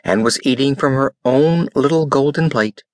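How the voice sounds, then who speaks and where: A man's voice: medium pitch, normal speed, no room sound, studio quality. A man narrating a fairy tale as an audiobook reader, telling it expressively. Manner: expressive storytelling.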